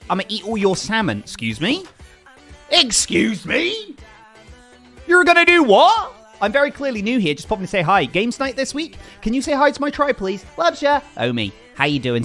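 A young man streaming a game in a high, bouncy voice that swings up and down a lot. He chats excitably with viewers and thanks donors as he plays, with faint music behind him. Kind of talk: casual live-stream chat while gaming.

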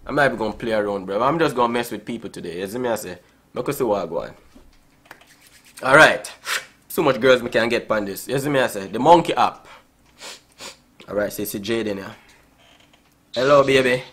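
A Jamaican YouTuber hosts a casual vlog, playfully teasing and flirting with strangers on a video chat app, dropping into patois and calling everyone "bro." His voice is medium-pitched and fairly bright, brisk but with frequent pauses.

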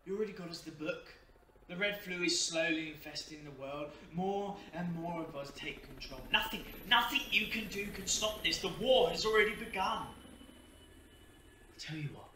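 A man playing a cruel demon who has taken over a young man. He speaks low and coaxing, with a menacing edge, in a student short film drama. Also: normal speed, pushed and bright, a little hiss or hum. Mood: gloating. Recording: echoey room from a distance, music under.

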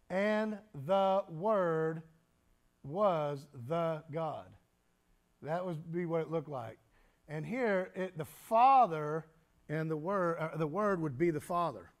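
A man preaching a teaching sermon, explaining step by step and often pausing with fillers and restarts. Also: on the high side. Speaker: pastor.

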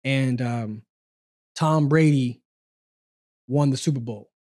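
A man in his forties, a guest on an interview show, telling stories from his past in a relaxed, conversational way. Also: medium pitch, slow pace. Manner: relaxed, conversational, acts out quoted dialogue. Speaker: interview guest, former sprinter. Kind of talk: casual storytelling interview.

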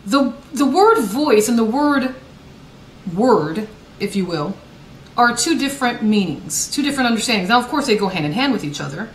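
A woman's voice: fairly high pitch, sing-song, normal speed, distant mic, a little hiss or hum. A woman evangelist preaching a sermon broadcast, emphatic, often restarting her phrases as she works toward a point. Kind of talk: sermon broadcast with scripture reading. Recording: roomy echo.

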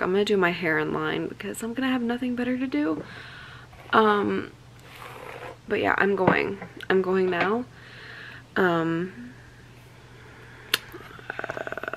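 A woman's voice: on the low side, slight background noise, rough recording. A young woman chatting casually to camera in a vlog, tired, rambling with lots of ums and likes. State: tired late at night. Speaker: vlogger.

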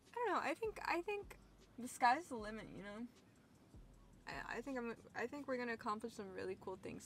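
A woman's voice: on the high side, fairly bright tone, a little hiss or hum. A young woman vlogging outdoors at the beach, rambling and emotional, swearing freely as she talks to her viewers. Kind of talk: casual vlog talk to camera. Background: faint outdoor ambience.

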